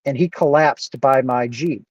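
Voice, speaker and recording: A man's voice: medium pitch, measured pace, no echo, highs cut off. A man talking earnestly and emotionally into his camera in a personal monologue, close to tears and repeating himself. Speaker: vlogger.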